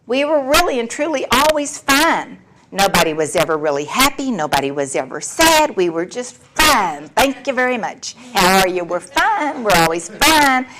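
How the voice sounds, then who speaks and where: A woman's voice: fairly low pitch, a bit bright, a little hiss or hum, poor audio. Candid woman in her sixties. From Texas. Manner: candid and storytelling, with wry humor. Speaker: recovery meeting speaker. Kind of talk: personal recovery share.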